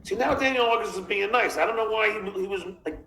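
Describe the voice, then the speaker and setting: A man's voice: high voice, fast, vocal fry, bright, forceful tone, reverberant, low-quality recording. A man hosting a podcast in casual chat, rambling and reading chat messages aloud. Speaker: podcast host.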